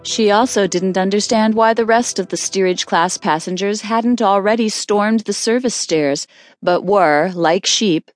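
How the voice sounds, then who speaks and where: A woman narrating an audiobook in a measured storytelling voice. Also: fairly low pitch, dry recording, studio quality. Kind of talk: scripted narration.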